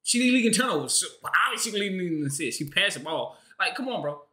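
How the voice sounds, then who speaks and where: A young man streams a reaction to a sports clip, ranting in loose slang with plenty of exasperation. His voice is bright and lively, rising and falling widely. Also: high voice, rapid-fire. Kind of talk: casual reaction commentary.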